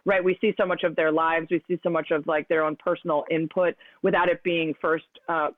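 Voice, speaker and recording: A woman's voice: low voice, level tone, fairly quick, no room sound. A woman sports radio host talking as a guest in a casual interview, chatty and full of likes. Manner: chatty, frequent likes and laughs. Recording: dry, tinny phone line.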